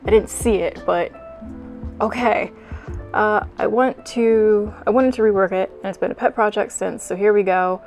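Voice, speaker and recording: A woman's voice: medium pitch, normal speed, a little mellow, soft background music. A woman hosting a video, mixing wry, sarcastic commentary with reading a story aloud. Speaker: fanfic reading host.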